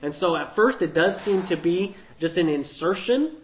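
A man's voice: high-pitched, expressive, moderate pace, a little hiss or hum, low-quality recording. Man teaching a Bible passage conversationally. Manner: conversational, thinking aloud with fillers and "right?".

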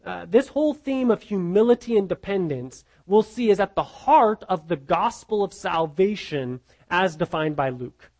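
A man's voice: high-pitched, lively intonation, normal speed, darkish tone. A man teaching a casual sermon-style Bible lesson to a group, conversational and repeating his words as he goes. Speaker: pastor teaching a Bible class.

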